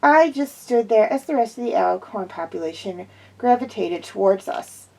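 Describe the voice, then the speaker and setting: A woman's voice: mid-range voice, animated, moderate pace, creaky, warm tone, rough recording. A woman reading a first-person fan fiction story aloud as an amateur storybook narrator who often slips and corrects herself. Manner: frequent slips and self-corrections.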